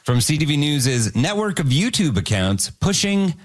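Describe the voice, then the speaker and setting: A man's voice: on the high side, normal speed, background noise. A man hosting a casual panel chat, joking around with his co-hosts. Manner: joking, animated. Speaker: host.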